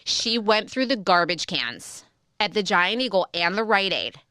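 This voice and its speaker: A woman in her thirties, a podcast guest telling a story in a casual chat, animated and swearing, with lots of "like". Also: medium pitch, measured pace, smooth, dry recording, clean studio sound.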